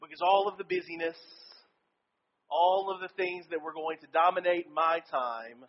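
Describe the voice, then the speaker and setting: A man's voice: a little high, normal speed, lo-fi sound. A male pastor giving a sermon and telling a personal story in an earnest way.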